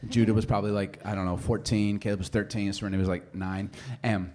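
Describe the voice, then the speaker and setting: A pastor in his forties tells a family story during a sermon, animatedly acting out the voices of his relatives. His voice sits on the low side and he talks fast, with slight background noise behind him.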